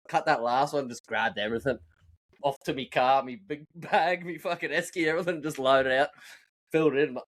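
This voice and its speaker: A man's voice: medium pitch, fairly quick. A man, a podcast co-host and roofer, telling rowdy, profane work stories in casual chat. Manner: profane, animated storyteller acting out rants.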